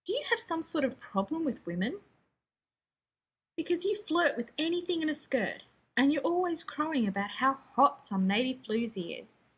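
A woman's voice: sits high, very animated, normal speed, a bit bright, pitched above the performer's own voice. A woman voicing a prickly, arrogant male genius scientist stuck in a woman's body, snapping and ranting in exasperation. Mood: exasperated rant.

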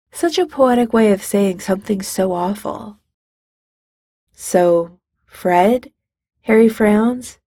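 A woman's voice: medium pitch, gravelly, warm tone, breathy edge, no echo, studio quality. A woman reading fiction aloud in a wry, conversational narrating voice. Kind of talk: fan fiction audiobook reading.

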